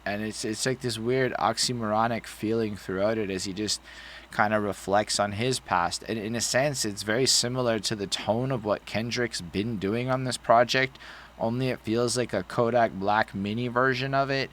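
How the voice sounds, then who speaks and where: A man co-hosting a podcast talks through an album in a casual review chat that's blunt, profane and rambling. His lowish voice is a bit bright at a moderate pace, with a little hiss or hum in the recording.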